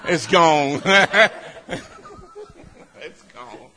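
A man's voice: on the high side, drawn-out words, pushed and bright, a faint crowd. A man from the congregation, joking and laughing along with the preacher. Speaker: congregation member.

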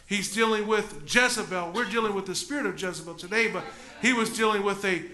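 A man preaching a sermon as pastor in a church, dropping from loud preaching to hushed talk and back. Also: high voice, brisk, echoey room. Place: church sanctuary.

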